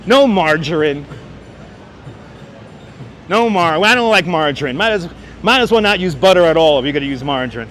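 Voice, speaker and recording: A man's voice: fairly high pitch, animated, moderate pace, pauses often, fairly bright tone. A man hosting a walking-tour livestream, chatting casually and joking with viewers, often laughing, on a clip-on mic outdoors. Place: outdoors on city streets. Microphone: wireless clip-on mic. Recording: faint city street noise.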